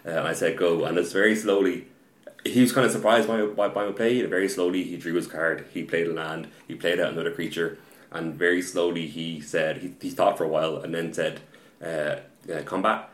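Male podcaster, deep voice, stumbling and repeating words, roomy recording. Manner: halting, repeats words, animated when excited. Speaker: card game player telling a match story. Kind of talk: casual podcast chat.

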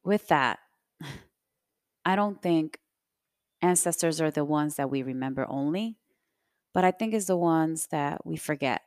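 A woman's voice: sits low, lively intonation, a little slow, pauses often, darkish tone, no echo, clean studio sound. A young adult woman hosting a podcast, telling a personal story in a reflective, conversational way with many fillers. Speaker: podcast host.

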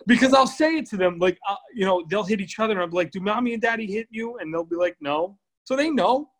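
A young adult man co-hosting a chat, telling family anecdotes in a lively, laughing way. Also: sits high, fast. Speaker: podcast co-host. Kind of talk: casual chat.

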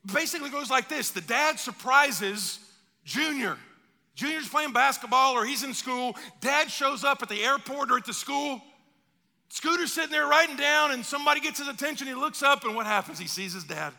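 Lively preacher man with a gravelly edge. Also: extremely high pitch, moderate pace, big-room sound. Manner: animated preaching with acted-out dialogue. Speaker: pastor. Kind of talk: sermon.

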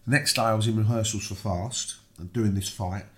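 A British man, a guest, telling a story in casual conversation, animated, acting out the voices he quotes. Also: fairly quick. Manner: animated, acts out quoted voices with big pitch jumps.

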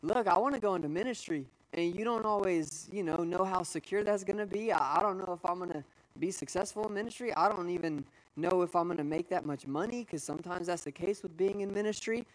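Energetic young man preaching a sermon. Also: high-pitched, fast talker, rough recording. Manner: storytelling, energetic and conversational, with asides. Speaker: pastor. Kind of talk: sermon to a live audience.

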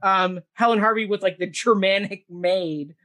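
On a casual review podcast, a man talks through a stage show with his co-hosts, giving strong opinions and peppering them with "like," fillers and self-corrections. His voice sits high and sounds bright and forceful, with a steady tone at normal speed.

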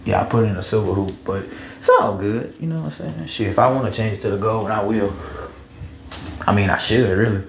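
A man's voice: lowish voice, fairly quick, vocal fry, highs cut off, slight background noise. A man in his twenties hosting a podcast, rambling casually with slang and swearing, in an echoey room. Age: 20s. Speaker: podcast host. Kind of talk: casual chat.

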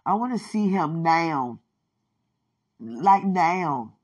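A woman talks to herself in a slow, husky monologue, her voice sitting a little low. She sighs and prays aloud between her words. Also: sing-song, a little mellow. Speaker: mother talking to herself. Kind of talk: rambling emotional monologue.

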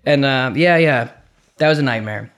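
A man's voice: mid-range voice, moderate pace, a bit bright. A young man co-hosting a podcast, telling a long story in casual chat, rambling with restarts and swearing freely. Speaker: podcast co-host.

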